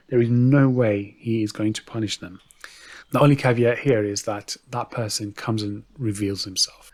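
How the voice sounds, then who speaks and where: A man's voice: medium pitch, darkish tone, breathy edge. A man telling a folk tale in a chatty, casual way, often turning to the listeners with asides. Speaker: storyteller. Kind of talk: casual oral storytelling.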